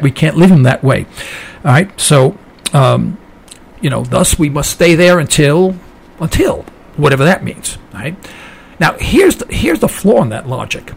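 Man, radio talk host, gravelly, husky, lively swinging pitch, rambling and heated. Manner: heated, rambling, with many restarts and rising outbursts. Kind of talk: impassioned political radio monologue.

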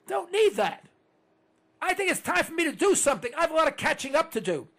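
A man's voice: very high-pitched, big pitch swings, fast, vocal fry, bright, forceful tone. An older man hosting a talk radio show, ranting and repeating himself as he hollers at listeners.

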